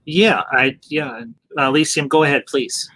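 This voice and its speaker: A man's voice: on the high side, moderate pace, sharp tone, rough recording. A man hosting a casual discussion, speaking animatedly, posing questions and restarting his sentences. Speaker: podcast host moderating a discussion.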